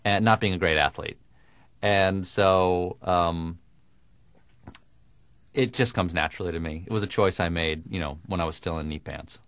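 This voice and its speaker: Dry, crisp-spoken man, deep voice. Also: fairly bright tone, no room sound. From American South. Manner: dry, deliberate, crisp diction. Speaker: comedian guest. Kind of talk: radio interview conversation.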